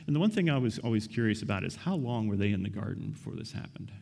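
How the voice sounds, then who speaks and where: A man preaches in a relaxed, conversational way, his lowish voice gravelly with fry. He keeps checking in with his listeners and asking them questions. The sound carries a long reverb from the church hall around him. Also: quick pace. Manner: casual, asks the listeners questions, often says "right?". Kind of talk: conversational sermon.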